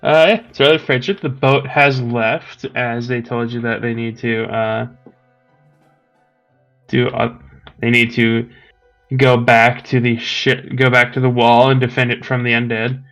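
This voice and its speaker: A man running a tabletop game as game master, narrating in a relaxed, halting way with many fillers. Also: medium pitch, soft background music.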